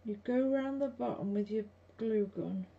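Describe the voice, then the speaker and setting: With a fairly high pitch and vocal fry, a woman talks at a moderate pace while hosting a craft live stream from her home craft room. She's chatty and blunt, chatting with viewers as she works on a casual demo, and the audio is dull lo-fi with faint hiss.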